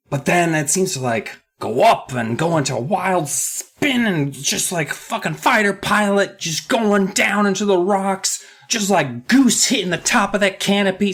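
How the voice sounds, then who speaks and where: A man's voice: sits high, a bit bright, husky. Guy cracking jokes while recapping a book, swears a lot, voice swings all over. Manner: joking, profane, rambling asides. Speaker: podcast co-host. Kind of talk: casual book recap chat.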